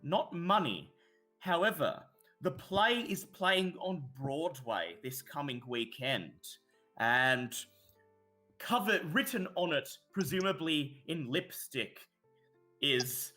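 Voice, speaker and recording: A man narrating a tabletop horror game as game master, telling the scene in an animated way with hesitations. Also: a little high, slow pace, soft background music.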